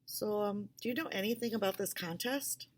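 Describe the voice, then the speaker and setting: A woman's voice: medium pitch, normal speed, voice pushed up, natural voice. Woman doing a shy awkward girl. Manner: quiet, hesitant.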